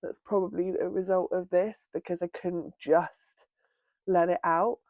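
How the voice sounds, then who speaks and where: A woman sharing a personal healing story at home, talking in a tender, halting way with many pauses, tearful with red, itchy eyes. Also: lowish voice, steady tone, no echo, narrow, tinny audio. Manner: tender, halting, pausing often with ums. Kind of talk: reflective personal monologue. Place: indoors at home by a window.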